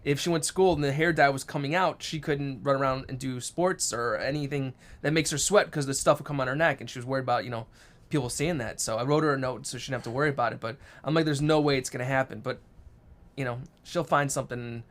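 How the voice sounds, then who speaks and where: A man co-hosting a casual live show, telling a family story in a brisk, animated way. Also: medium pitch. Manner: storytelling, acts out quotes, brisk. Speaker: co-host. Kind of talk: casual live-stream chat.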